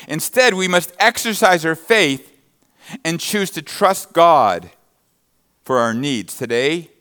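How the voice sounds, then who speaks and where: A man's voice: on the high side, fairly bright tone. Emphatic male preacher, rising to bursts. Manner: reads scripture verses then expounds them. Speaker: pastor. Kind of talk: sermon.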